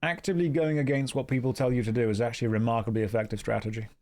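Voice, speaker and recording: A young man with a Midwest American accent talks through a game stream at an easy middle pitch, his tone steady and darkish. In casual live-stream commentary, he reads chat aloud and answers with dry, teasing humor, switching between jokes and quick game notes.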